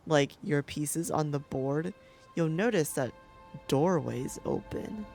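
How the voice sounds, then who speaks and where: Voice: mid-range voice, expressive, slow, vocal fry, darkish tone. Rambling, profane gameplay commentator over game music. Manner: chatty, rambling, swears freely, laughs often. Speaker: gaming content creator.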